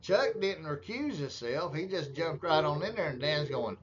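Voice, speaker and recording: A man's voice: on the high side, animated, normal speed, a crowd in the background. A man giving crude, sarcastic running commentary over meeting footage, drawling and mocking the people he watches. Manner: mocking, crude, drawling, puts on voices for others. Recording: dull lo-fi audio with faint hiss.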